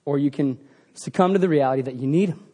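A young adult man with a high-pitched voice preaching to his church. He talks casually and acts out the people in his stories, with lively swings in pitch and loudness. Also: quick pace. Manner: animated, acts out quoted voices. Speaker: pastor. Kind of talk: sermon.

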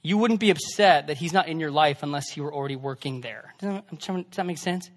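A young male pastor with a high voice preaches to his congregation in a casual, talky sermon. He swings from loud, emphatic lines to quiet, hushed asides. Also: fast talker.

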